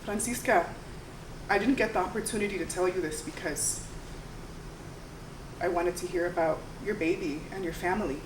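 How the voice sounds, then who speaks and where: A woman voicing a wise older female shop owner who asks gentle, probing questions. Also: fairly low pitch, normal speed, long pauses, background noise, close to an everyday voice. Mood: grave. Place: theater stage. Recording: roomy live stage sound from far off.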